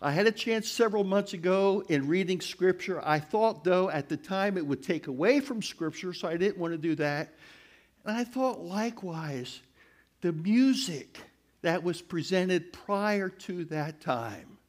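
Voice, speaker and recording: An older man giving a storytelling testimony to a church congregation, animated and crying out as he retells events. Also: high-pitched, unhurried. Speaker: church speaker.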